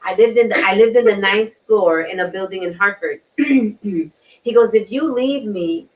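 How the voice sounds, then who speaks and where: A woman hosting a talk show, sharing a personal story in an earnest way, repeating key words and often clearing her throat. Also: medium pitch, normal speed, slight background noise. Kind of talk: personal testimony in a panel talk. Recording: distant mic.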